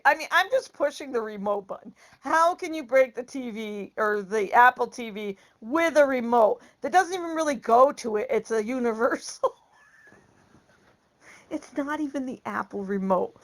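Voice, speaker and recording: A woman vlogger telling a casual story, laughing often and acting out the lines she quotes. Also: high voice.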